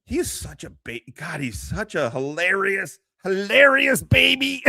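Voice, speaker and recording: Profane, animated male streamer. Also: sits high, unhurried, vocal fry, dry recording, clean studio sound. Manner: profane, mocking, excitable. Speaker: live streamer host. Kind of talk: casual reaction commentary.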